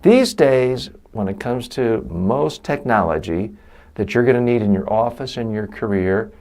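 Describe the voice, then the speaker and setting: A middle-aged man delivers a recorded lesson as the course instructor. His pitch sits in an ordinary middle range but swings widely as he stresses points. He acts out short quoted asides along the way. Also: measured pace. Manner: animated, emphatic teaching with quoted asides. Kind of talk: recorded lecture.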